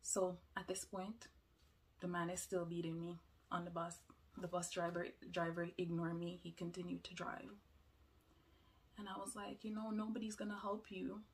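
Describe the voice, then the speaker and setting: A young woman telling a personal story in an emotional, halting way. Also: lowish voice, little pitch movement. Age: young adult.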